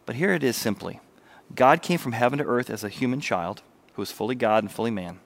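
Man preaching a lively sermon. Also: mid-range voice, brisk, creaky. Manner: animated preaching, drops to soft intimate voice. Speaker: pastor.

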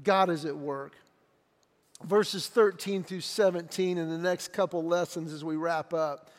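A middle-aged man preaches with a high, bright tenor voice, telling stories with lively energy and acting out the people he quotes. His sermon rings out with a long reverb, as if in a large church sanctuary. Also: measured pace. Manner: animated storytelling, acts out quoted voices. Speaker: pastor. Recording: echoey hall reverb.

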